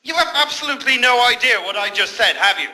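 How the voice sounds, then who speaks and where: An actor playing an irritable news correspondent who keeps snapping at the anchor, in a radio comedy sketch. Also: male voice, extremely high pitch, animated, quick pace, pushed and bright, heavily acted. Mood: exasperated. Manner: exasperated, snapping at an inattentive anchor. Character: irritable male Northern Ireland correspondent.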